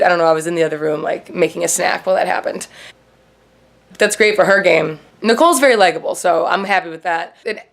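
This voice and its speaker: A woman hosting a casual TV recap vlog, rambling and swearing freely, with "like" in nearly every sentence. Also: medium pitch. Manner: rambling, profane, heavy on "like". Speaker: show host.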